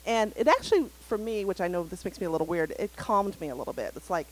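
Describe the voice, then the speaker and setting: A woman's voice: lowish voice, expressive, fast, rough recording. A woman on a live community panel, telling a story animatedly and acting out the quotes. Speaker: parent panelist. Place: community center event.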